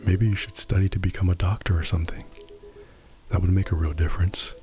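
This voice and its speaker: A man voicing a polite, gently teasing male companion in a whispered café role-play. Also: deep voice, steady tone, fairly quick, soft background music, lightly acted. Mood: gentle.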